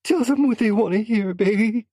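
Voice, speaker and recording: A man's voice: sits high, normal speed, warm tone, no room sound, pitched above the performer's own voice. Brief: a man playing a trembling captive young woman, feeble and shaky. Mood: frightened. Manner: feeble shaking voice. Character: frightened blindfolded young wife, trembling.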